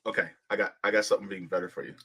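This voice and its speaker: A man's voice: low voice, fairly even intonation, racing, sharp tone, husky. A man hosting a podcast, delivering a heated, sarcastic political rant. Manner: heated, sarcastic, mocks opponents in put-on voices. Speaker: podcast host.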